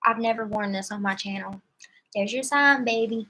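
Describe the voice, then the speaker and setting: A woman's voice: on the high side, normal speed, bright, forceful tone, low-quality recording. A woman reading tarot on a live stream from a hotel room, chatting casually and playfully with viewers in slangy talk and laughing often.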